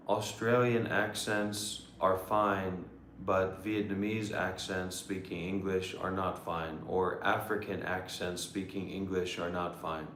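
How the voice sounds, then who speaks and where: A man hosting a livestream, who talks in a slow, deliberate, probing way while quizzing an AI. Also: low-pitched, a bit bright, a little hiss or hum. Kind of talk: casual live chat. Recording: echoey room.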